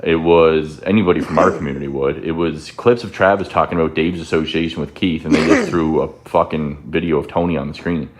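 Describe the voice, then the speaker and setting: Very low-voiced man, profane and accusing, ranting. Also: steady tone, brisk, few pauses. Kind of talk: angry rant in a played clip.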